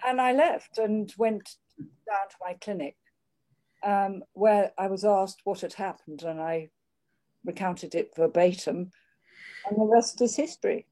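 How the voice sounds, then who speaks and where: An older woman speaking in a measured, candid way, with frequent restarts, reflecting on her working life. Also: mid-range voice, mellow. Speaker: interviewee. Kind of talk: reflective conversation.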